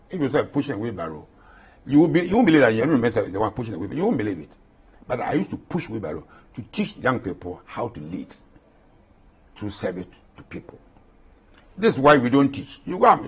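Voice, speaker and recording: A man's voice: mid-range voice, a bit bright, breathy edge. A man in his eighties with a Ghanaian accent, an interview guest speaking with passion and repeating points for emphasis. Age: 80s. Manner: impassioned, repeats himself for emphasis.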